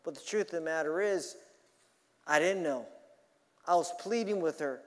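A man preaching a sermon earnestly, swinging between loud emphasis and quiet, confiding asides. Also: a little high, normal speed, long reverb tail.

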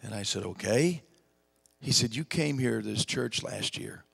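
A middle-aged man preaching a storytelling sermon in a folksy, emphatic way, dropping to a hush for heavy moments. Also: fairly low pitch, normal speed, gravelly, slightly rough, long reverb tail. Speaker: evangelist preacher.

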